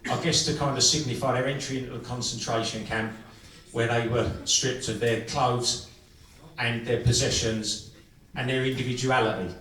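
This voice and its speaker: Male comic, stage storytelling, crude and dry, mid-pitched, live club, echoey and distant. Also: fairly even intonation, fairly bright tone. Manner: crude and swearing, dry and unhurried. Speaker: comedian and singer. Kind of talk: stand-up storytelling. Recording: echoey club room from far off with music.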